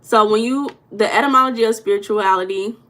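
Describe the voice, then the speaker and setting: Casting: young woman, relaxed livestream host, medium pitch, chatty and loose with viewers. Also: a little fast. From United States. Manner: chatty, greets chat viewers by name. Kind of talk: casual livestream chat.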